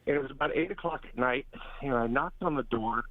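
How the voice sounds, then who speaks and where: A man calling in to a radio show, telling a rambling personal story with halting restarts. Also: medium pitch, dry recording. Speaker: caller. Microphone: telephone. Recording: phone line.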